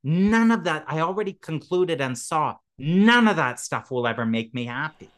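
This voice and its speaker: A man's voice: on the high side, animated, normal speed, a bit bright. A man, a podcast guest, telling a personal story with lots of expression, laughing often and acting out both sides of a conversation.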